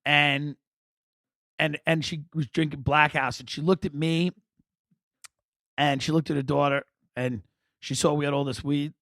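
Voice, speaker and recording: A man hosting a podcast, telling comic stories in a rambling, wry, animated way. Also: fairly high pitch, unhurried, pauses often, no echo, clean studio sound. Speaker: podcast host. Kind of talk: comic storytelling monologue.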